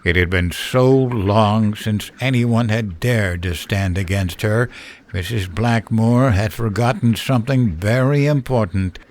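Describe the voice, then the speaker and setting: A man narrating a horror story in a slow, measured storytelling style. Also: on the low side, slight background noise.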